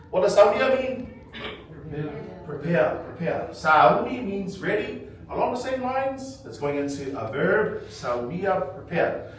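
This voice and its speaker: A hoarse man teaching a language workshop to a group, animated and quizzing his listeners with some humor. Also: high-pitched. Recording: echoey hall, from far off, crowd around.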